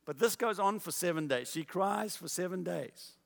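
A male preacher tells a story in a casual, animated way. His fairly high voice carries through a large hall with a long, lingering reverb. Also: moderate pace, vocal fry. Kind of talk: storytelling sermon.

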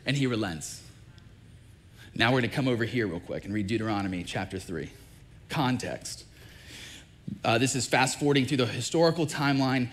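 A male pastor preaching a sermon, telling a scripture story with animated, acted-out quoted dialogue. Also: mid-range voice, moderate pace, long pauses.

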